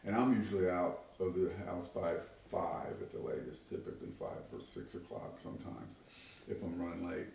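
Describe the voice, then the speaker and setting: A man's voice: low voice, lively intonation, moderate pace, creaky, darkish tone. A man who works construction speaks casually in a documentary interview, rambling and correcting himself as he goes. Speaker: construction worker and Kenny's host parent. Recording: very echoey room, distant mic.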